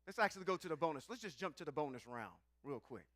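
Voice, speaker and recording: A man leading a live-streamed scripture teaching in a playful, animated way, calling out to the people in the room. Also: a little high, quick pace, no room sound, clean studio sound. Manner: animated, playful, calls out to the audience.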